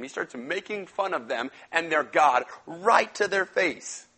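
A young man giving a casual sermon, retelling a Bible story in slangy, animated talk and acting out the characters. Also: on the high side, measured pace, slightly rough, low-quality recording. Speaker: pastor.

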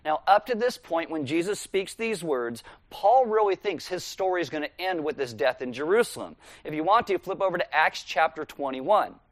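A male pastor preaching a sermon in a relaxed, conversational way, walking listeners through scripture verse by verse. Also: on the high side, normal speed, few pauses, no echo.

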